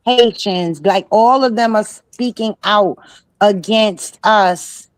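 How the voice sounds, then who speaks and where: A woman's voice: medium pitch, slow, dry recording, rough recording. A woman co-hosting a casual talk show, chatty and laughing as she tells stories and quotes others. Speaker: co-host. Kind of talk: casual commentary chat.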